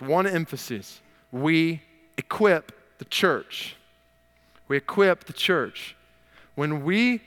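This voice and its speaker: A man's voice: fairly high pitch, a bit bright, smooth, big-room sound. A man preaching a sermon as pastor, stressing and repeating his key phrases.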